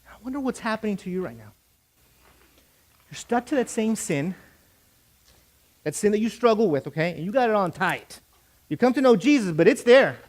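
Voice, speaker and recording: A young pastor with a high, light man's voice, preaching to his congregation. He swells to emphatic, declarative peaks and calls on the room to repeat lines after him. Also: animated, moderate pace, pauses often. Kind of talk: sermon.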